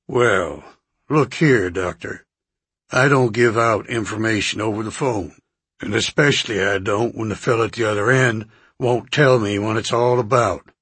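A man doing a deep-drawling, suspicious country doctor. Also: fairly bright tone, breathy edge, no room sound. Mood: wary. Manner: slow, stubborn, guarded.

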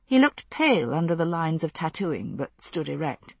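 A woman narrates a novel in a measured, steady way. Her voice sits low and sounds husky. The recording is dry and close to the mic. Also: no echo. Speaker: audiobook narrator. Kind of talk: scripted narration.

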